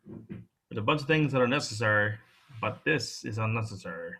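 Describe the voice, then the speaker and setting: A man's voice: mid-range voice, animated, fairly quick, pushed and bright. A man hosting a wrestling podcast in loose, playful casual chat, teasing his co-host and using slang.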